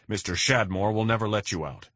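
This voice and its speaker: A man voicing a brash, pushy rich man in an audiobook, loud and demanding. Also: on the low side, fairly quick, no echo, studio quality, voice pushed up. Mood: insistent.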